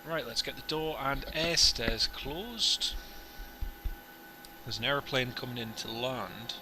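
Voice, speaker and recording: A man's voice: mid-range voice, background noise. A man streaming a flight simulator who chats in a jokey, rambling way with viewers between radio calls. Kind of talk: casual live-stream chat with radio calls.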